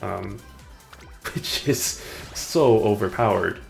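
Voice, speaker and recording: A man's voice: on the low side, very slow, creaky, faint music behind. A man streaming a game live, chatting casually, rambling and muttering to himself between chuckles. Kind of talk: casual live gameplay chat.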